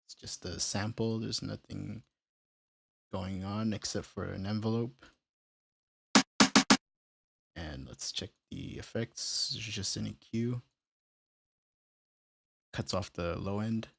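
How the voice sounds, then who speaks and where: A man casually walking through how he built a beat, step by step, in a relaxed, plain way. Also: fairly low pitch, slow pace, gravelly, pauses often, very noisy. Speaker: music producer tutorial host. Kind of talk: casual screen-recorded tutorial.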